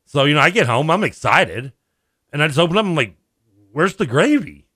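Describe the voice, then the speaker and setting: A man co-hosting a radio sports talk show, telling stories in a lively, laughing, animated way. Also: fairly high pitch, fairly quick, husky, no room sound, clean studio sound. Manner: animated storyteller, laughs often, acts out voices. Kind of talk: casual radio banter.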